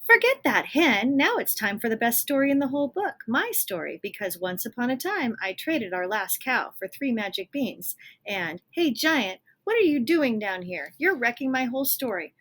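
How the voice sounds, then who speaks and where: A woman voicing a boastful, cocky young boy hero from a fairy tale, talking bossily and fast. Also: fairly high pitch, very animated, fairly bright tone, voice pushed up.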